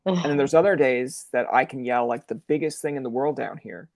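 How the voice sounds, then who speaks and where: A young man hosting a podcast, chatting casually and telling stories with lively acted-out quotes, from a room in his parents' house. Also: mid-range voice, a little fast, no echo. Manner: animated storyteller who acts out quoted lines. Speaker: podcast host. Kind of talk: casual chat.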